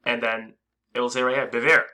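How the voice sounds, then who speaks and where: A man's voice: mid-range voice, a little slow, pushed and bright. A man teaching a screen-recorded coding lesson in a casual, hesitant way, with many fillers and restarts. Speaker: coding instructor.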